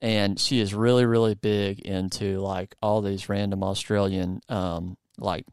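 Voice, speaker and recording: Man, southern us accent, podcast host, low smooth voice, dry close sound, chatty and rambling. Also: level tone, measured pace, a little mellow, no echo. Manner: rambling, filler-heavy, lots of "like". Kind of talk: casual conversational interview.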